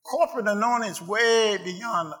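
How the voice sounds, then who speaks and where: Guy preaching a sermon, high ringing voice, punchy rhythmic repeats. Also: normal speed, fairly bright tone. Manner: rhythmic, emphatic preaching with repetitions.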